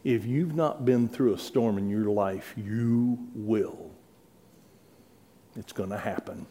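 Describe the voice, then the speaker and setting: A middle-aged man delivers a sermon in an earnest, pleading tone, his lowish voice moving slowly. As he tells the story, he builds to loud, dramatic peaks.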